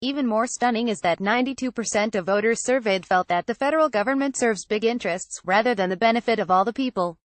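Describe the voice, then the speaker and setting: A woman reading an opinion article aloud as scripted narration, at a measured, even pace. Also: on the high side, no echo.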